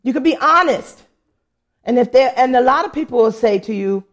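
A woman sharing a humorous personal testimony in church, telling stories in an animated way and laughing often. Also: a little high, moderate pace.

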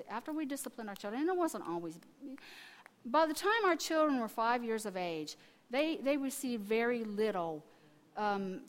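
A woman in her fifties preaches a sermon built around family stories, moving between quiet asides and loud, emphatic testifying. Her pitch is fairly high.

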